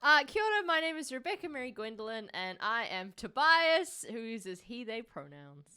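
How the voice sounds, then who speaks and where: Woman player, hesitant n cheeky, bright lively voice, bit high, faint music. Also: normal speed, smooth. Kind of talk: tabletop game chat.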